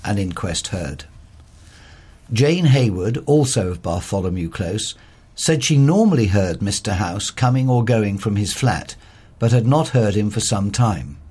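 A man with a fairly low, husky voice reads local news reports. His delivery is steady and sober, taking the stories one at a time. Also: unhurried. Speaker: volunteer news reader. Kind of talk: reading local newspaper stories aloud.

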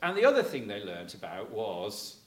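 A man's voice: on the low side, huge pitch swings, normal speed. Man telling rambling stories in an echoey room. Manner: rambling and chatty, full of fillers like "you know, kind of thing"; chuckles while telling stories. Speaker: speaker addressing a local audience. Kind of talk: anecdotal public talk. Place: room with a live audience. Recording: echoey room, faint noise.

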